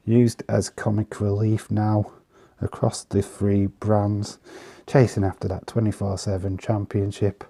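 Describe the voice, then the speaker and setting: A man casually commenting on trading cards in an easygoing, chatty way, pausing often with fillers. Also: fairly low pitch, vocal fry, mellow. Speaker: vlogger showing trading cards.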